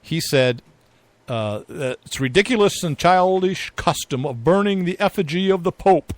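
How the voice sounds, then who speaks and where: A man's voice: high-pitched, animated, normal speed, dry recording. Male co-host, casual and rambly, dry close recording. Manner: rambling, chuckling, filler-heavy. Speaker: podcast co-host. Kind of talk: casual political chat.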